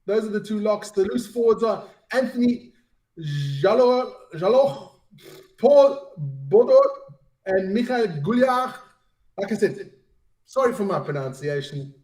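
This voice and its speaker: A man with a very high voice, joking at his own expense and tripping over names as he reads them. He sits well back from the microphone, and the room adds a roomy echo. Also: lively intonation, a little slow, a little mellow, far from the mic. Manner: self-deprecating, stumbles over names. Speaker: podcast co-host. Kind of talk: casual chat.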